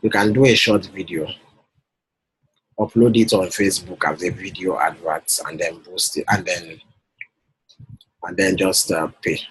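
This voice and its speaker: A man's voice: low-pitched, steady tone, unhurried, long pauses, a bit bright, slight background noise, low-quality recording. A man coaching a client on a call, persuasive and often checking that she follows. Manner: persuasive, repeats himself, checks for understanding. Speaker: business coach.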